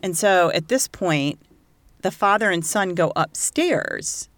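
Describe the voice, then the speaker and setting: A woman co-hosting a casual true-crime podcast, telling the story in an animated way, swearing freely and acting out what people said. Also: lowish voice, slow pace, dry recording.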